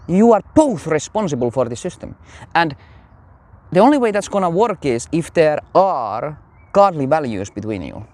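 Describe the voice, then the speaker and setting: Man, casual religious talk, lively swinging pitch, rambling with fillers. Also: moderate pace. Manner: rambling, animated, many fillers. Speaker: religious commentator.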